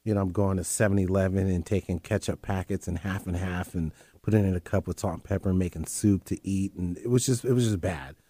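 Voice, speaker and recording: A very deep, mellow-voiced man, heard dry and close as he earnestly recounts his life. He talks candidly and keeps circling back over his own phrases. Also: fairly even intonation, quick pace, hardly any pauses, no echo. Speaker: interview guest. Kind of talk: telling his life story.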